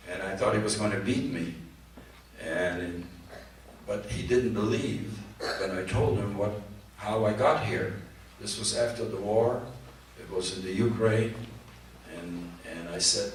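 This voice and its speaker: Older man, low voice, halting testimony, echoey hall, distant mic. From Poland. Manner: halting, repeats words, earnest. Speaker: Holocaust survivor speaker. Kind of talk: personal testimony to students. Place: large hall at a community event. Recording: echoey hall from far off, faint noise.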